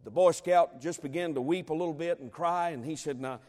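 A man's voice: a little high, a little fast, darkish tone, in a large hall. A man preaching a sermon in a folksy, dramatic way, with emphatic rises before an audience of preachers. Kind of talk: sermon with a humorous story.

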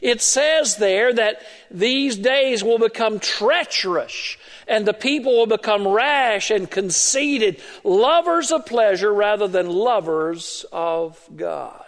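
A man's voice: high voice, lively intonation, fairly bright tone. A male pastor delivering a sermon, stretching key words for emphasis. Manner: emphatic preaching, drawn-out stressed words. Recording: long reverb of a large hall.

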